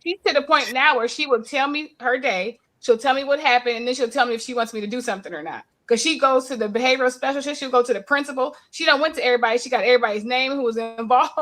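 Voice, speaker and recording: Animated storytelling woman, slightly high voice. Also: fast, few pauses. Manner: storytelling, animated, laughs often. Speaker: podcast co-host. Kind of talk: casual chat.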